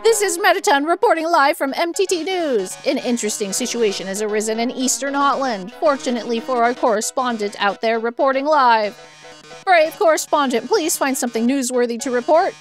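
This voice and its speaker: A woman's voice: high voice, a little fast, soft background music, close to an everyday voice. A woman voicing a flamboyant, theatrical male robot TV host from a video game. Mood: showy. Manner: theatrical, flattering.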